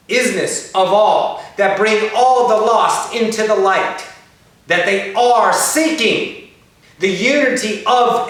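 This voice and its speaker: A woman voicing a channeled otherworldly spirit, preaching in slow, repeated, incantatory fragments during a spiritual channeling session. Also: mid-range voice, fairly bright tone, lightly acted. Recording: very echoey room, distant mic.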